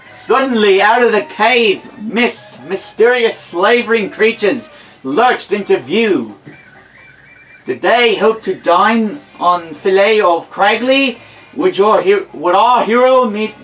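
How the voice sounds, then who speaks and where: A man's voice: high-pitched, animated, takes it slowly, a bit bright, faint music behind, voice pushed up, exaggerated voice, low-quality recording. A man voicing a boastful, impatient male TV adventure host in a video game, with a put-on Australian accent, reading the lines with theatrical announcer flair and sarcastic asides. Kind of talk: reading game dialogue aloud.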